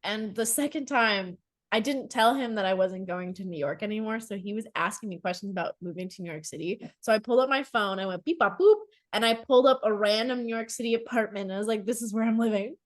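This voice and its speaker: A woman's voice: mid-range voice, fast talker. A woman co-hosting a podcast, telling dating stories in casual chat, laughing often and using lots of fillers. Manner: laughs often, animated storytelling with many fillers. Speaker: podcast co-host.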